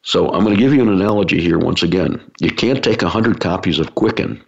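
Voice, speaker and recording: A man's voice: low-pitched, fast talker, creaky, breathy edge. A man giving an explanatory talk to a business audience, using everyday analogies with frequent fillers. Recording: dull lo-fi recording.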